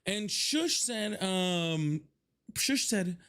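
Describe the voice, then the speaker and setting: A man's voice: high-pitched, animated, extremely slow, pushed and bright, smooth. A young man hosting a casual livestream from his home office, chatting with viewers, thanking them by name and swearing freely. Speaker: livestream host.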